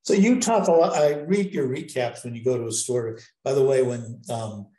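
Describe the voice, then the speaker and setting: A man asks a guest long, meandering questions, pausing on ums and circling back before getting to the point. His voice carries a noticeable room echo. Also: medium pitch, warm tone. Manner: rambling, hesitant, with many ums. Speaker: interviewer. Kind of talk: casual interview questions. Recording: roomy echo.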